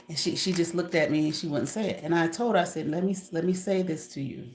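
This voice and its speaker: Speaking briskly to a live audience, a content creator whose voice sits a little low recalls her substitute-teaching days. She laughs often and peppers the casual stories with animated, profane asides.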